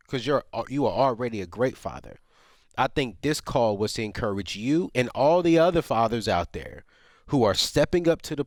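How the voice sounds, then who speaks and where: A man's voice: medium pitch, no echo, studio quality. A man co-hosting a radio advice show, speaking with heartfelt passion to a caller. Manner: passionate, heartfelt, many restarts.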